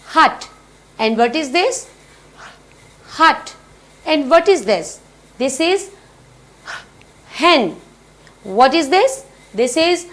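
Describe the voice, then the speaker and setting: Slow high-voiced woman teaching phonics. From Pakistan. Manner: slow, repetitive, asks and answers own questions. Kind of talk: children's phonics lesson.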